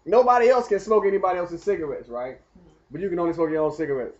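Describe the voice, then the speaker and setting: A man telling a rambling personal story in casual, animated talk. He speaks straight to the viewer and keeps asking whether they follow. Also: high voice, very fast, highs cut off. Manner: animated, talks straight to the viewer, keeps asking "you know what I mean". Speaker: vlogger telling his story.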